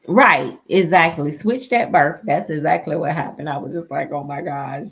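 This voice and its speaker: Chatty lo-fi woman storyteller, low-voiced. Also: steady tone, a little fast, vocal fry, hardly any pauses, fairly bright tone. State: sleepy. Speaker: reborn doll artist and live streamer. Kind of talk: casual live-stream chat. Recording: dull lo-fi live-stream audio.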